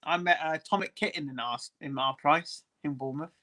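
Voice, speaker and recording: A fairly high-voiced man talks as a guest on a live stream. He chats in a friendly, easygoing way. He laughs often between his remarks. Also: a little fast, pushed and bright. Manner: chatty, laughs easily, friendly. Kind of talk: casual chat on a live stream.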